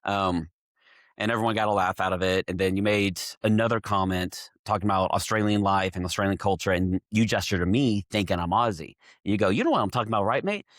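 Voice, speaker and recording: A man from Texas, a winemaker guest on a podcast, telling a story in steady detail. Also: low-pitched, brisk, no echo, clean studio sound. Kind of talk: casual chat.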